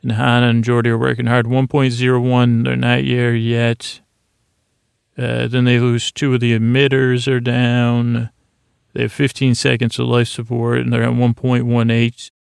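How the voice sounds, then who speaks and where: A man's voice: medium pitch, monotone, normal speed, creaky, clean tone, no room sound, studio quality. A man hosting a podcast, giving a sleepy recap of a TV episode in a rambling, meandering way with many fillers. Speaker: podcast host.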